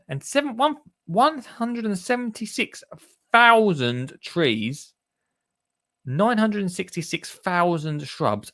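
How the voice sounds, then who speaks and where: A man's voice: a little high, fairly bright tone, dry recording, clean studio sound. A man hosting a gardening podcast in a chatty, jokey way, rambling with lots of fillers. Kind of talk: casual chat.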